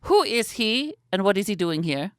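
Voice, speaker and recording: A man's voice: high-pitched, moderate pace, clean tone, no echo, studio quality, voice pushed up. A man doing an icy, curt older female TV host. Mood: cold, dismissive. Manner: flat, dismissive delivery.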